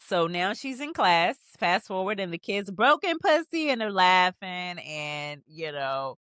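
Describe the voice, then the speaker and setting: A woman hosting a podcast, recapping a TV episode in a chatty, animated way with slangy asides. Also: fairly low pitch, no echo, studio quality. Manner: narrates scenes while pausing the show. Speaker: podcast host.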